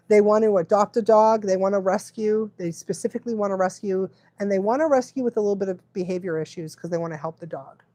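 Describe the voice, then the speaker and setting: A woman's voice: mid-range voice, mellow, no echo. A woman dog trainer chatting casually on a livestream, laughing often and fumbling her words now and then.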